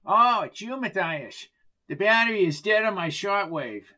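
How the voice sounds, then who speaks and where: A man's voice: high-pitched, animated, moderate pace, pushed and bright, pitched above the performer's own voice, heavily acted, rough recording. A man doing a stiff officious security guard. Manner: stiff, formal official jargon. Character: officious small-town male security guard.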